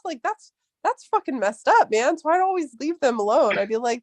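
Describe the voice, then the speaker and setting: High-voiced woman in her thirties, chatting. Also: very animated, normal speed, no echo. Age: 30s. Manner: profane, rambling storytelling. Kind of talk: casual chat.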